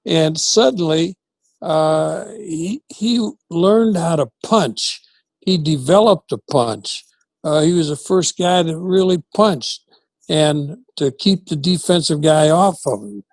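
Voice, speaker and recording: This older man, an ex-football coach, reminisces slowly in a voice pitched a little high, with no echo in the recording. As an interview guest he tells stories energetically, playing out the quoted exchanges himself.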